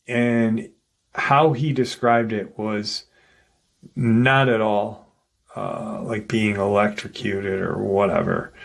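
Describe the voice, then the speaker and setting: A man's voice: fairly low pitch, creaky. A man hosting a paranormal channel, casually retelling an encounter story in a loose, rambling way full of "like" and "you know.".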